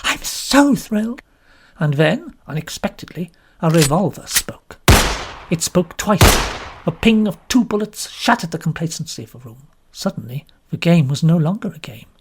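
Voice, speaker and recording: A woman from London with a British accent, narrating an audiobook in an expressive, lively storytelling manner. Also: sits low, moderate pace, background noise. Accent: British English. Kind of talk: scripted narration.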